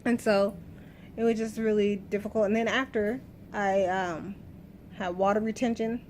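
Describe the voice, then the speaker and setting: A woman's voice: mid-range voice, steady tone, normal speed, a little mellow, slight background noise. A woman in her thirties telling her own birth story in a candid, emotional vlog, rambling with restarts. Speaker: vlogger.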